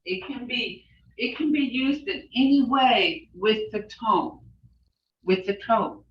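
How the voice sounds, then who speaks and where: A woman's voice: on the high side, slow, recorded from a distance, dull audio. A woman teaching a language class online, rambling with many fillers and repeating phrases.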